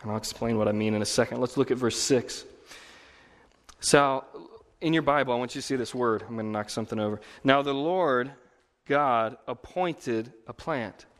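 A man's voice: medium pitch, fairly even intonation, quick pace, long reverb tail. A man preaching a sermon as pastor, conversational, swelling into emphatic repeated phrases. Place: church.

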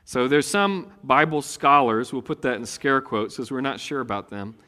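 A middle-aged man, preaching a conversational sermon after a quiet prayer. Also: medium pitch, moderate pace. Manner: conversational, folksy, swings from hushed prayer to animated preaching. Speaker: pastor. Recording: long reverb in a hall.

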